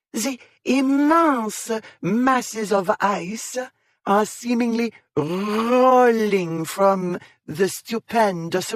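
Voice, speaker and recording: A man voicing a playful young woman who reads aloud in exaggerated, drawn-out foreign accents. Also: mid-range voice, a bit bright, no room sound, clean studio sound, natural voice.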